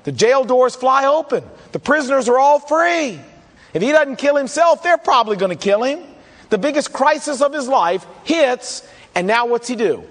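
A man's voice: extremely high pitch, animated, normal speed, a bit bright, in a large hall. A man preaching a sermon in a conversational way, acting out the questions his listeners might ask. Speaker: pastor.

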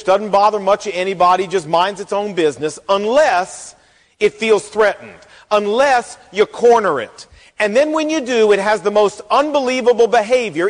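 A man preaching a sermon as pastor, folksy and animated, acting out the quotes in the story. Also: high voice. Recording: long hall reverb.

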